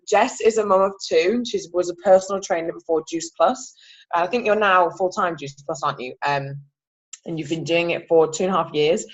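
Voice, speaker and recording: A woman's voice: sits low, highs cut off. A woman who hosts a conference call and introduces the guest in an enthusiastic, gushing way. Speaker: host of the call.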